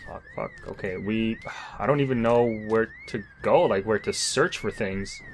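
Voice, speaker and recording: A man's voice: lowish voice, wildly swooping pitch, measured pace, a little hiss or hum. A man commentating his own zombie game playthrough, swearing, joking and talking to himself in exasperation. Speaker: gamer. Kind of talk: let's play commentary.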